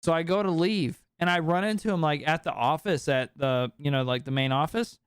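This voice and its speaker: A man in his late twenties telling a personal story in casual podcast chat, animated and full of swearing and filler words. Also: on the high side, brisk, clean tone, no echo, studio quality. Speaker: podcast speaker.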